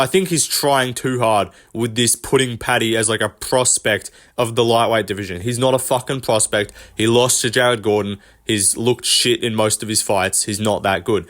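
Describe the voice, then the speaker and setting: A man's voice: mid-range voice, fairly bright tone. Blunt, foul-mouthed man giving fight picks. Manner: blunt, opinionated, profane, many ums and likes. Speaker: host. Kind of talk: casual fight-prediction commentary.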